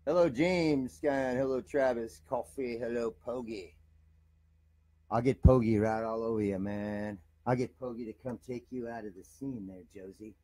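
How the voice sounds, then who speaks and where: A man improvising comedy as a rough, swaggering bar musician, trading profane threats and banter with a crowd. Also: medium pitch, fairly even intonation, moderate pace, mellow, dry recording, low-quality recording. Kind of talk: improvised character comedy monologue.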